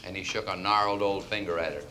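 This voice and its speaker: A man doing stand-up, telling joke after joke in a breezy storytelling manner. His voice sits fairly low but sounds bright and sharp. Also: steady tone, fast, a little hiss or hum, poor audio. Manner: breezy storyteller, laughs at his own punchlines. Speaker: comedian and host.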